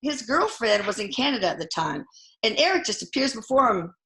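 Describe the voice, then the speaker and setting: A woman guest telling personal stories in a casual, animated way, often lifting her voice when quoting others. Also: on the high side, fairly quick, roomy sound. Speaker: guest, physician and mother. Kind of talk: conversational storytelling.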